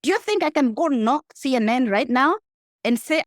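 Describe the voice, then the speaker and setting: A woman's voice: high voice, expressive, moderate pace, no room sound, clean studio sound. A woman with a Kenyan accent, a guest speaking emphatically in a casual interview and addressing the listener directly. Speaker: guest, rideshare entrepreneur.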